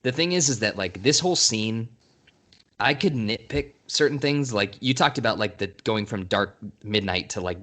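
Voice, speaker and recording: Male podcast co-host, low voice, loose and rambling review talk. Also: expressive, normal speed, a bit bright. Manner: rambling, laughs often, restarts. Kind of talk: casual film review chat.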